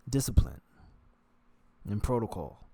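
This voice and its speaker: A man's voice: fairly low pitch, very animated, measured pace, gravelly, dark tone, husky. A man vlogger talking to himself in a rambling, digressive casual monologue.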